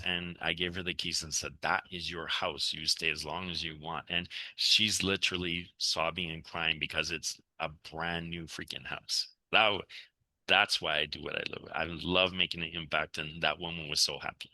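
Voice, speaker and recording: A man's voice: moderate pace, dry recording. A middle-aged man telling enthusiastic stories as a real estate investor guest on a podcast interview. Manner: enthusiastic, animated storyteller with laughs and pitch jumps.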